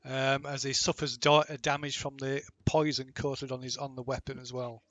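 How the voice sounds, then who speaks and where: A man's voice: mid-range voice, flat delivery, fairly bright tone. A man running a tabletop game as game master, stopping and restarting often as he checks rules and tallies damage. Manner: halting, full of ums and restarts while checking rules.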